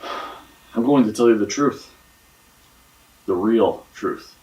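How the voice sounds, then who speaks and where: A man's voice: on the low side, slow pace, darkish tone, distant mic, poor audio. An actor playing a defensive man questioned by police in a mystery game, talking evasively and swearing. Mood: guarded. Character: defensive, guarded young man under police interrogation.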